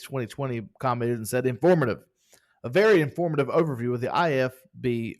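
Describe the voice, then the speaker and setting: A man co-hosting a podcast in casual chat, upbeat and joking while reading out listener reviews. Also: medium pitch. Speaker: podcast co-host.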